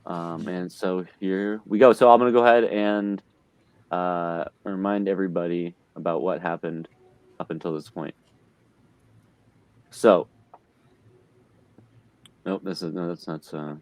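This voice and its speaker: A low-pitched man talks through a tabletop game recap as game master, often stopping on fillers and correcting himself. His voice is close to the mic and dry, with no room sound. He is on an online call from home. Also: steady tone, moderate pace, pauses often, no room sound. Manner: hesitant, many fillers and self-corrections.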